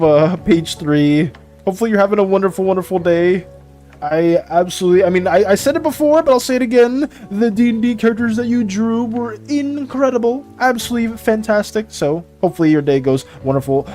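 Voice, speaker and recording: Drawing on a livestream, a man talks casually with his viewers, laughs a lot and says things more than once. He speaks fairly quickly in an animated voice that sits high and is a little mellow, over soft background music.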